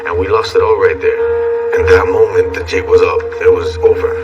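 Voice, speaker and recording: A man speaking in a reflective, measured documentary interview, his voice very low. He sounds set back from the mic, with clear music underneath. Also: fairly even intonation, distant mic, muffled recording.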